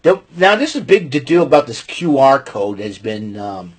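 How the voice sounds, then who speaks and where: Excitable, rambling man with a husky voice. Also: medium pitch, normal speed. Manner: excitable, rambling, jumps into loud mock quotes. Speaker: podcast host recapping wrestling. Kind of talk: casual chat.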